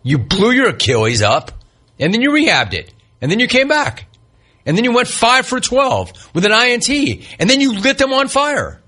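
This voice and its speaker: A man's voice: extremely high pitch, huge pitch swings, moderate pace, pushed and bright. A man hosting sports talk radio, ranting at length in a sarcastic, mocking way. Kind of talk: heated sports talk monologue.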